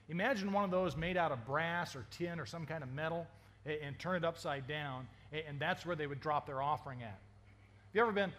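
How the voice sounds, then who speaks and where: A man's voice: a little high, a bit bright. A man preaching a sermon as a pastor, talking conversationally with many stammered restarts and questions to the congregation. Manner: asks the congregation questions and jokes.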